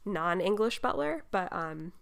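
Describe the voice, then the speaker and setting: A woman's voice: mid-range voice, animated, measured pace, vocal fry, a bit bright, smooth. A woman hosting a casual film podcast, talking enthusiastically and laughing often. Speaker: podcast host.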